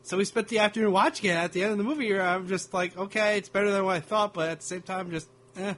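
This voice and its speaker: A man's voice: high-pitched, fast, a bit bright. A man co-hosting a casual film chat, frank and laid-back, hedging his opinions. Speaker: podcast co-host.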